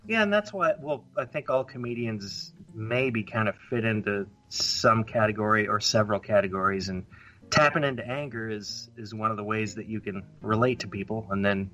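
A man co-hosting a casual comedy chat, musing aloud with halting restarts. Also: lowish voice, fairly bright tone, highs cut off, faint music behind. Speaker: podcast co-host.

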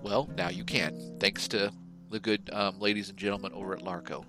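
A man's voice: low-pitched, little pitch movement, normal speed, over music, rough recording. A man co-hosting a casual podcast, talking in a rambling, profane, jokey way. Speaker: podcast co-host. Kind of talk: casual chat, reading a joke ad.

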